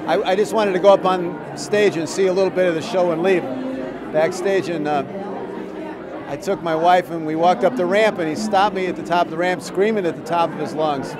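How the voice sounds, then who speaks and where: A man being interviewed about his music career, telling an anecdote with animated quoted voices. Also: high-pitched, brisk. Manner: animated storyteller, acts out quotes. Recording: crowd noise behind.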